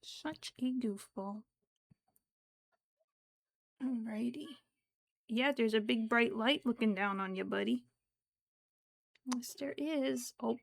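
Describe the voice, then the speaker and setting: A woman streaming her crochet work, talking softly in baby talk to her cat between steps. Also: on the high side, unhurried, creaky, pauses often. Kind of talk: casual livestream chat.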